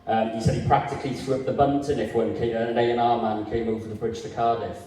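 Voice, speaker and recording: A man interviewing a guest on stage, asking questions hesitantly with many pauses. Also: mid-range voice, flat delivery, mellow, very echoey, far from the mic, a little hiss or hum, rough recording.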